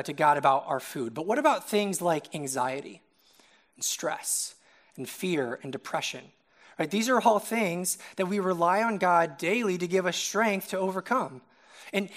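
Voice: mid-range voice, a bit bright. A young adult preacher giving a casual, conversational sermon, often checking in with the listeners by asking "right?".

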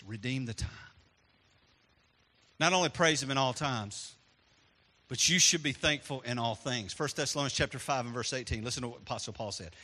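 A man preaching a sermon as pastor, animated and storytelling, dropping to a hush and then rising loud. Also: a little high, in a large hall.

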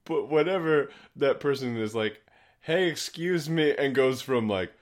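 A man bantering in a casual podcast chat, wry and teasing with quick jokes. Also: mid-range voice, expressive.

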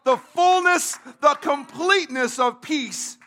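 A man pastor preaching a sermon, emphatic, repeating phrases and building to shouts. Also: very high-pitched, slow.

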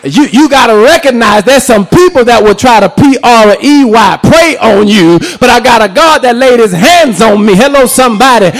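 A man preaching an impassioned sermon, shouting and tuning his lines with call-and-response. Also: very high-pitched, expressive, brisk, few pauses, low-quality recording.

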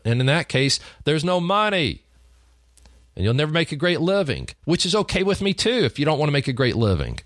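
A man's voice: mid-range voice, no room sound, studio quality. A middle-aged man with a Texan accent, a sales trainer telling stories in a folksy, emphatic way. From Texas. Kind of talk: storytelling sales talk.

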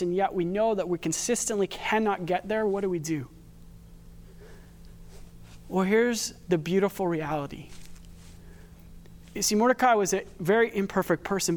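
A man preaching a sermon as a pastor, talking in a conversational way and telling personal stories. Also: high voice.

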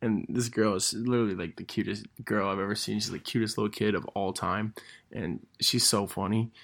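A man's voice: fairly low pitch, creaky. A young man, a gym teacher, telling funny stories in a casual monologue, laughing through them and correcting himself as he goes. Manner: laughs through his stories, animated, quick self-corrections.

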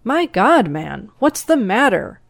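A woman voicing a jovial male moonshiner friend who talks in a loud, folksy, encouraging way, in a storybook reading. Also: mid-range voice, lively intonation, measured pace, dry recording.

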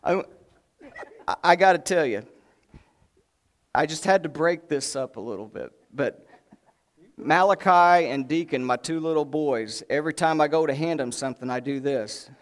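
A male preacher delivering a sermon in a folksy, animated way. He breaks off into joking asides to the congregation. His voice sits a little high for a man. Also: normal speed, long pauses.

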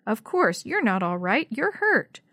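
A woman's voice: a little high, sing-song, measured pace, no room sound, clean studio sound, exaggerated voice. A woman doing a cranky frail old lady. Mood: gentle. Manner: loud, sharp scolding. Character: cranky old woman, frail, hobbling, gruff then kind.

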